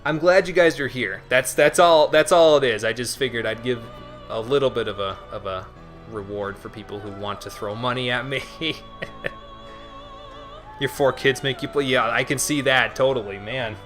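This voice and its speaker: A man's voice: mid-range voice, normal speed, fairly bright tone, faint music behind. A man hosting a casual gaming livestream, chatting easily with viewers and often repeating himself as he talks. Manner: chatty, responds to chat, repeats words. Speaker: livestream host.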